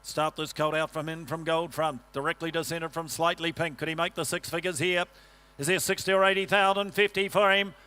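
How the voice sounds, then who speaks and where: A man's voice: a little high, fairly even intonation, a little fast, bright, forceful tone, clear, resonant tone. A man working as an auctioneer, rattling off rhythmic rolling bid calls and tossing joking asides to the bidders in a sale ring. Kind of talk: rapid auction chant.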